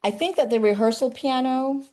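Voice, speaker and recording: A woman who writes poetry for children, chatting lively in an interview over a video call. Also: high-pitched, moderate pace. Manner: lively, chatty, laughs easily. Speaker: children's poet and author. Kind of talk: casual interview chat.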